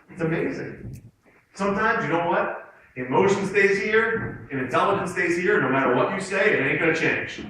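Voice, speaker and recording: A man, an author speaking to students, giving a motivational talk as an animated storyteller who acts out the voices. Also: high-pitched. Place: hall or classroom. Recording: echoey hall, distant mic, noise.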